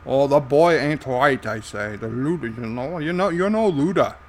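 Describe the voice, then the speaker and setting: A man's voice: medium pitch, expressive, moderate pace, slight background noise, lightly acted. A man putting on a drawling Northern Irish toy sidekick. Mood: teasing. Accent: Northern Irish (put on).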